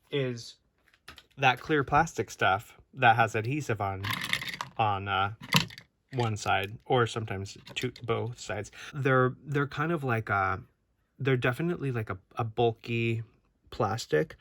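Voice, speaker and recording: A man's voice: mid-range voice, a bit bright, dry recording. A man rambling casually through a toy unboxing review at home, chatty and full of restarts and asides. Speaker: toy collector vlogger.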